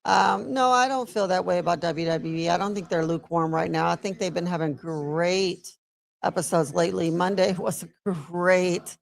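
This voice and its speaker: A woman's voice: on the low side, normal speed, gravelly. A woman co-hosting a wrestling watch-along stream, chatting casually and answering comments from the chat.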